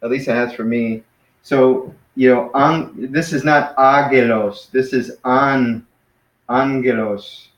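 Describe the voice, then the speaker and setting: Man, casual teacher, hesitant, self-correcting, mid pitch, roomy echo. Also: steady tone, unhurried. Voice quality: hesitant, many fillers and restarts, self-correcting. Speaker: Greek teacher.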